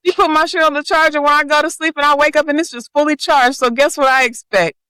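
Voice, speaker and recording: A woman's voice: high voice, fairly even intonation, quick pace, pushed and bright, no echo, poor audio. A woman co-hosting a podcast in casual chat, making teasing interjections. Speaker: podcast co-host.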